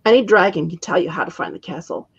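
A woman reading aloud, voicing a younger witch who is loud, chatty and gushing. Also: lowish voice, animated, fast talker, creaky, slightly rough, lo-fi sound, full character voice.

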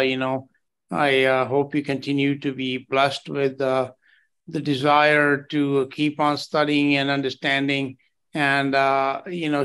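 Smooth-voiced man hosting fellowship. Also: medium pitch. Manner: calm, reassuring, with many fillers. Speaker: fellowship host. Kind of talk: warm pastoral chat.

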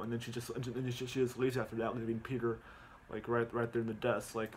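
A man of ordinary pitch talks through a movie plot in a loose, rambling way. He keeps restarting his sentences and fills the gaps with ums and repeated words. He is speaking at home, and a faint hiss sits under his voice. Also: level tone, fast. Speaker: movie recap vlogger. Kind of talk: casual rambling movie recap.

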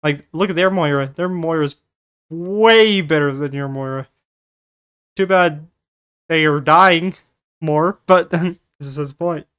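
A streamer giving reaction commentary on gameplay, incredulous and swearing often in quick bursts. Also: mid-range voice, fairly bright tone, clear, resonant tone.

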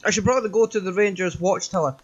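A man's voice: sits high, fast talker, highs cut off, slight background noise. A man hosting a let's play, chatting and joking as he goes. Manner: chatty, jokey, rambling. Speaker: gaming channel host.

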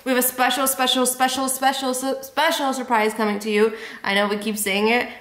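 A woman's voice: on the high side, little pitch movement, a bit bright. A young woman in her twenties chatting casually to camera as a vlogger, telling a story with laughs. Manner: chatty storyteller, drawn-out words, laughs mid-sentence. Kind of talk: casual vlog chat. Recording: echoey room.

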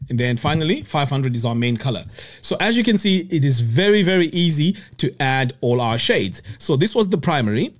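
Male tutor, slightly higher voice with lots of pitch movement, patient step-by-step software walkthrough. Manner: step-by-step explaining, frequent "okay?" checks. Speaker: web design tutor. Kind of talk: screen-recorded software tutorial.

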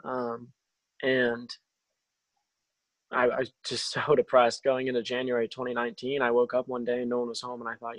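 A young man sharing a personal faith testimony over a video call, halting, with many restarts and fillers. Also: mid-range voice, monotone, no room sound, low-quality recording. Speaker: testimony speaker.

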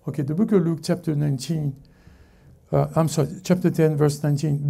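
A man preaching a sermon as pastor to a congregation in church, halting and often correcting himself mid-sentence. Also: on the high side, steady tone, vocal fry, dark tone. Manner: halting, self-correcting preaching with many restarts. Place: church service before a congregation.

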